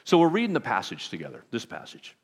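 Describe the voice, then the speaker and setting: A man preaching a sermon as pastor, talking to his congregation in a conversational, self-deprecating way with lively asides. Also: mid-range voice, fast. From Southern California. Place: church sanctuary. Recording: long reverb of a large hall.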